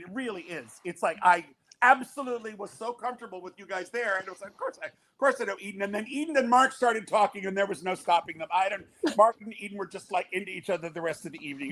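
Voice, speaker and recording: High-voiced older man telling a story. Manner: animated storyteller acting out quotes. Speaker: guest, father of the groom. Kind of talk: casual podcast storytelling.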